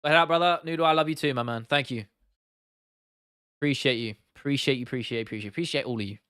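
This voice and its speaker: A young man from England with an English accent chats casually on a live stream, swearing freely as he replies to his chat. His smooth, clear voice is middling in pitch, a bit bright and quick-paced. The sound is dry, close to the mic and without echo.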